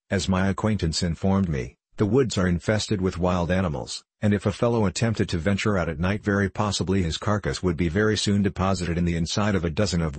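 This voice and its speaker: A man's voice: sits low, husky, no echo. A man reading the part of a hearty young man who tells exaggerated horror stories with theatrical relish. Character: boisterous gossiping young English man, fond of tall tales.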